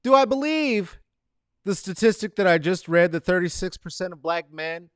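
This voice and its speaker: A man hosting his own talk show from a home studio corner, ranting in casual solo commentary. His pitch leaps and falls in lively swings, sitting a little high for a man, and he moves from emphatic, profane outbursts to low mutters. The sound is close and dry, with no room around it. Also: a little fast, clean tone, dry recording. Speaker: show host.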